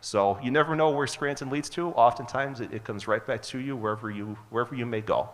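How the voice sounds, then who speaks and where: A man's voice: mid-range voice, fairly quick. Earnest male storyteller, chatty, uh-filled, long hall reverb. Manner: earnest, conversational, frequent uh's. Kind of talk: personal story told on stage. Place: hotel event hall.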